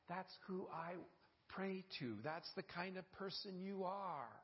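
Unhurried and high-voiced, a male pastor leads his sermon as call-and-response, getting the congregation to repeat his words. The highs in the audio are cut off.

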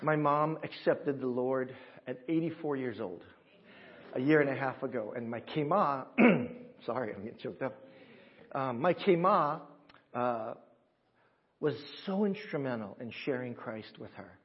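A man in a church service, a pastor talking with his congregation in a lively, upbeat way and leading them through a greeting. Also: medium pitch, a little slow, lo-fi sound. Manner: warm, upbeat, talks with the congregation and teaches them. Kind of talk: sermon.

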